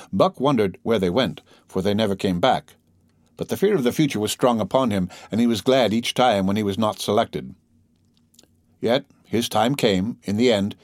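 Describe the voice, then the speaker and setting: A man reading an audiobook in measured, dramatic storytelling. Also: lowish voice, no echo, clean studio sound. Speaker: audiobook narrator. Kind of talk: scripted audiobook narration.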